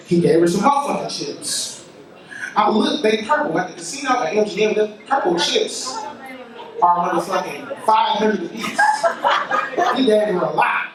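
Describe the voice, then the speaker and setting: High-pitched dude doing filthy stand-up, voice all over the place, crowd noise, echoey. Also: male voice. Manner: crude, animated storytelling with high-pitched quoted voices. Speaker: stand-up comedian. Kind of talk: stand-up comedy. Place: comedy venue with audience. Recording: far-off roomy live crowd recording.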